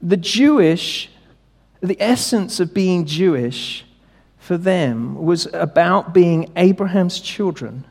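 A high-voiced man preaching to a congregation, casual but emphatic, asking questions and stressing key words. His voice rings out with long reverb through a church hall. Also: darkish tone. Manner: conversational, emphatic, rhetorical questions. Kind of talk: sermon.

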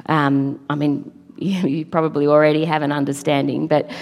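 A woman's voice: sits low, level tone, normal speed, gravelly, a little mellow. A middle-aged woman giving an earnest, emphatic church talk, now and then laughing at her own slips. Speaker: preacher. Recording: long hall reverb.

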